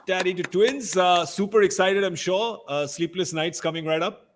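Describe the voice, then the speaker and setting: A man's voice: high voice, moderate pace, noisy background. A man hosting a casual sports talk show, playful and teasing. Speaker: host. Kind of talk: casual studio chat.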